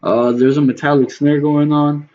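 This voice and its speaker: A man's voice: fairly high pitch, flat delivery, moderate pace. A man streaming a music production session, talking loosely to his chat with a bit of swearing. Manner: rambling, loose and profane, talks to chat viewers. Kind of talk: casual livestream talk while producing. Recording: slightly dull lo-fi stream audio with faint noise.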